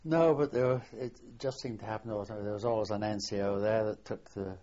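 An older man, a war veteran, reminiscing in an oral history interview, halting and often trailing off softly. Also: lowish voice, steady tone. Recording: dull lo-fi archival tape.

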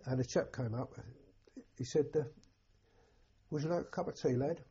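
An older English man, a war veteran, telling an oral history in a halting, plain-spoken way with a husky voice. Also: medium pitch, dark tone, dull audio. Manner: halting, plain-spoken storytelling with many restarts. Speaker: war veteran recounting memories.

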